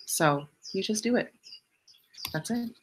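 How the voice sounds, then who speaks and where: A woman hosts a casual motivational live stream, speaking slowly with lively intonation over slight background noise. She answers viewer questions bluntly, swears for emphasis, and jumps up in pitch on punchy repeated lines.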